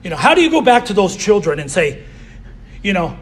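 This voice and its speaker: A man's voice: high voice, very animated, fairly quick. A man giving a candid personal recovery share as a convention speaker, often saying "you know".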